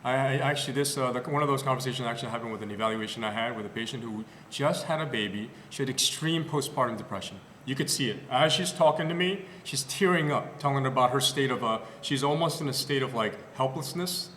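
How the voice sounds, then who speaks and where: Barely pausing, a man with a medium-pitched voice rattles off patient stories quickly as a physical therapist on a podcast, animated and casual, with lots of fillers and restarts. A faint hiss or hum and long, roomy reverb fill the clinic podcast room.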